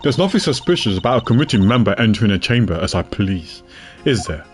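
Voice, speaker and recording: A man's voice: on the low side, big pitch swings, fast, soft background music. A man voicing a haughty, imperious woman judge with a cutting delivery.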